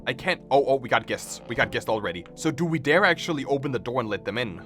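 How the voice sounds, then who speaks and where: A man's voice: mid-range voice, lively intonation, fast, a bit bright, faint music behind. A man streaming a game, chatting casually with goofy, joking asides. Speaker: gaming streamer. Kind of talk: casual gameplay commentary.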